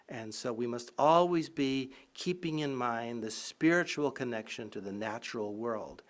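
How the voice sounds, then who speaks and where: A man's voice: medium pitch, unhurried, few pauses. A man, a college professor, giving a humorous public lecture full of anecdotes, often breaking into laughter and irreverent asides. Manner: lively, irreverent.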